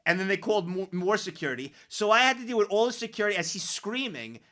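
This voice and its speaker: A young man streaming, reacting to clips and telling stories in loose, excitable slang. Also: high voice, fast.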